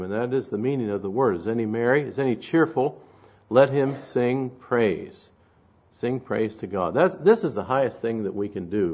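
A man with a lowish voice and darkish tone preaches an expository sermon, the audio's highs cut off. He's conversational, often asking the room "right?", and reads scripture aloud with rising force.

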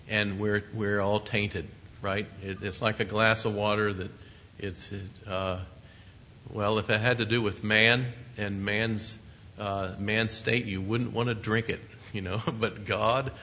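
A man's voice: lowish voice, sharp tone, slight background noise. A man preaching a sermon in a conversational way, with asides to his listeners and short chuckles. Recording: muffled lo-fi recording.

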